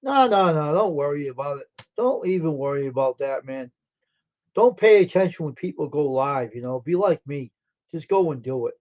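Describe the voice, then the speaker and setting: A man chats on his live stream, reading and answering viewers' messages in an easygoing, slightly weary way. His voice sits a bit high yet sounds mellow and soft-edged. The audio is dull and lo-fi, like a basic streaming mic. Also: expressive, normal speed. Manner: chatty, answering chat messages aloud. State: tired, yawning.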